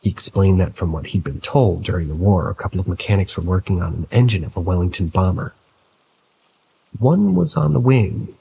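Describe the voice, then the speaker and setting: Deep-voiced man narrating a horror story. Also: darkish tone, slight background noise, low-quality recording.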